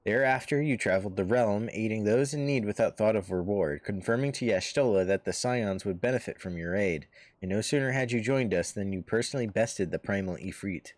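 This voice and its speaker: A composed woman leader of a heroes' order, read aloud by a man streaming a game. The delivery is formal and measured, like a storybook read-aloud, with a lowish pitch. The sound is dry and close to the mic. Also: no room sound, close to an everyday voice.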